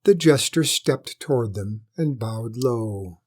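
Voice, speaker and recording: A man reading a children's storybook aloud as narrator, in a measured, steady manner. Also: mid-range voice.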